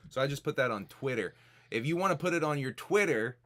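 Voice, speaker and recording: A man's voice: mid-range voice, animated, a little fast, a bit bright. A man in his thirties co-hosting a casual live-stream podcast, joking around and greeting viewers in the chat by name. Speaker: podcast co-host.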